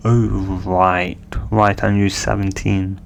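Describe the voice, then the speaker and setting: Halting gravelly man telling a fan story. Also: sits low, little pitch movement, slight background noise. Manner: halting, many fillers and restarts. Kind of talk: casual spoken fan-fiction storytelling.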